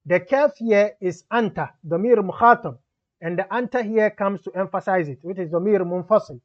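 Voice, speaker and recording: A man's voice: high voice, fast. A man teaching grammar, reading example sentences aloud and explaining each one in English. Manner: reads Arabic text aloud, then explains it in English. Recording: dull lo-fi sound.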